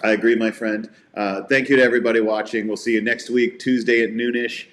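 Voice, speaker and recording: A man's voice: medium pitch, flat delivery, fairly quick. A man co-hosting a sports podcast, telling stories in a casual, heartfelt way. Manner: warm storytelling, heartfelt. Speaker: podcast co-host.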